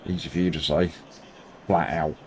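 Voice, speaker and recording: A man streaming a sim race, commenting live and bantering with viewers in an excitable, self-mocking way. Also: sits low, normal speed. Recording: loud racing game engine noise behind.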